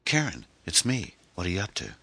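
A man's voice: low voice, huge pitch swings, brisk, vocal fry, bright, forceful tone, slightly rough, pitched above the performer's own voice, exaggerated voice. A man voicing a weary, grieving single mother as he reads a mystery novel aloud. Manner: weary, strained.

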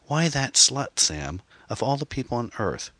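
A man voicing a bitter, angry woman on the phone, snapping and scornful, with shrill outbursts. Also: big pitch swings, a little slow, sharp tone, slightly rough, dry recording, full character voice.

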